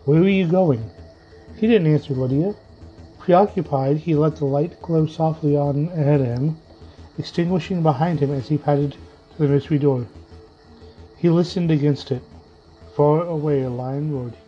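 A man narrating a story in a measured, dramatic reading style. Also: fairly high pitch. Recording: dull lo-fi audio with faint music.

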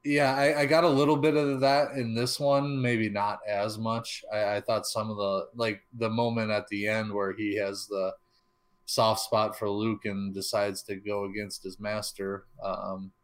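Halting, low-voiced man chatting. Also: level tone. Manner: halting, stuttering, many fillers and restarts. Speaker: podcast co-host. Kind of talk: casual film discussion.

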